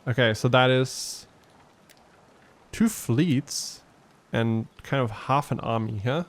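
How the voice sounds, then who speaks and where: A man's voice: medium pitch, takes it slowly, long pauses. A man giving casual gameplay commentary as a let's play host, thinking aloud and explaining his tactics with frequent ums.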